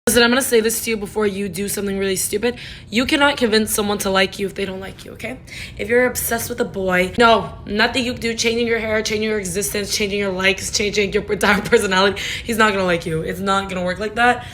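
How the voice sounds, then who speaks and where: A young woman in her twenties vents straight into her phone camera in a loose, chatty way, full of "like" and the odd swear. Her voice sits at a middle pitch. A faint low rumble hums behind her. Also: fairly even intonation, fast talker, fairly bright tone. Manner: chatty, frank, swears, lots of "like". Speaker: TikTok creator. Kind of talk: casual talk to camera.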